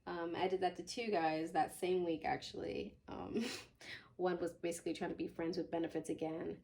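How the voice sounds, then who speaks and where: A woman's voice: lowish voice, little pitch movement, moderate pace, gravelly, warm tone. A young woman vlogger in a blunt, exasperated casual rant, full of "like" fillers.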